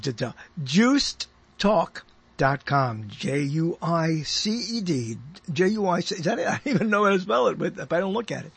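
Radio host, man, 60s, high and husky, chatty, self-amused rambler who chuckles a lot. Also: fairly bright tone, dry recording.

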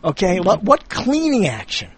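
In a casual chat, a man with a high, husky voice tells pun riddles, his pitch swooping wildly. He's giggly and halting, laughing a lot and restarting his riddles again and again.

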